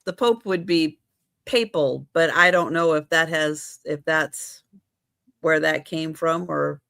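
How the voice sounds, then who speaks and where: A woman runs a live vintage sale, talks slowly, and gently encourages viewers to buy. The sound is dry and close, with no room echo. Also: low-pitched, fairly even intonation, creaky, smooth. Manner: encouraging, unhurried auctioneer patter. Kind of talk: casual live sale chat.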